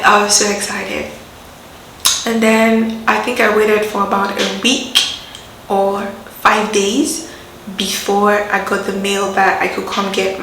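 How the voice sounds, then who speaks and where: Young Nigerian woman vlogger, animated storyteller, echoey room with faint hiss. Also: medium pitch. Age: young adult. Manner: animated, acts out quoted voices, laughs often. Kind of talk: casual storytelling to camera.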